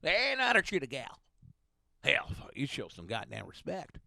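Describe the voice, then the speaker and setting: A man from California who hosts a comedy podcast and tells a profane, animated story, laughing often. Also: medium pitch, normal speed, creaky, dry recording, studio quality.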